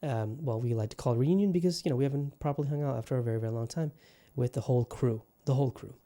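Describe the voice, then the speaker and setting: A man hosting a casual podcast, putting on a Southern US drawl as he rambles. His voice is mellow and warm. He swears freely and gets worked up, then eases back into easy chat. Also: mid-range voice, racing. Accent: put-on Southern US. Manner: profane, rambling, fired up. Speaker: podcast host. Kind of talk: casual solo podcast monologue.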